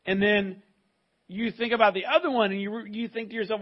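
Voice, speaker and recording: A male pastor preaches to his church in a conversational, emphatic way, often restarting his sentences. His voice is husky and pitched a little high. The recording is dull and muffled. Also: fairly even intonation, fairly quick. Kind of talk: sermon. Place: church service with a live congregation.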